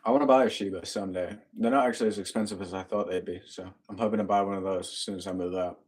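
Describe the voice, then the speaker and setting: A cheerful man with a fairly low voice chats on a live stream and reads viewer comments aloud. He laughs easily and keeps the tone upbeat. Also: steady tone, racing, a little mellow. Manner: upbeat, laughs often, talks to his dogs. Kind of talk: casual live-stream chat reading comments.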